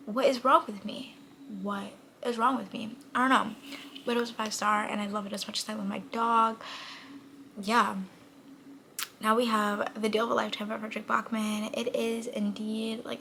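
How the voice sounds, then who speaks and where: Gushing young woman with a bright, gravelly voice. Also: medium pitch, slight background noise. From from New York State. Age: young adult. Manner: chatty and gushing, often drops into a soft whisper. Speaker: book vlogger. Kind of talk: casual chat.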